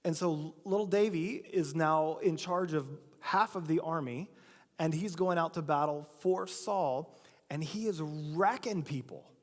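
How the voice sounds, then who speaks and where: A man's voice: on the high side, measured pace. A man preaching a sermon, telling a story casually and acting out the quotes himself. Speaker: pastor. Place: church sanctuary. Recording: long church hall reverb.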